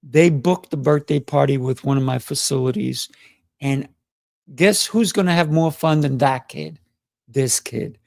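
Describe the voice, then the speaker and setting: A middle-aged man hosting a motivational livestream, playful and excitable, often laughing as he talks. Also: mid-range voice, measured pace, creaky, no room sound, studio quality. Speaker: livestream host.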